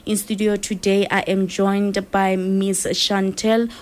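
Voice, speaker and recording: A woman's voice: mid-range voice, flat delivery, slow pace, a little mellow. A woman hosting a live radio show from a studio, talking to listeners in a friendly, chatty way. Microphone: studio microphone.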